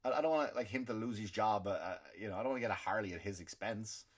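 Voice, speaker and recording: On his comedy podcast, an Irish host rants loosely like a stand-up, repeating words and starting over often. He talks fast with a breathy edge, veering from loud outbursts to low muttering.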